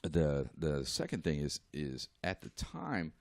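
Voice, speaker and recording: Low-voiced man telling a lively story. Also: slow pace, vocal fry, dry recording, clean studio sound. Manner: animated, laughing, acts out quotes. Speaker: artist guest. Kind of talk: casual storytelling.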